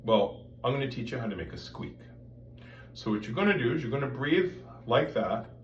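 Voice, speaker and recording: A man's voice: medium pitch, animated, a little fast, highs cut off. Man teaching voice technique in a roomy space. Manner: explains step by step, breaks into sung and croaked demonstration sounds. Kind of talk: vocal technique lesson with demonstrations. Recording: roomy sound, mic at a distance, faint background noise.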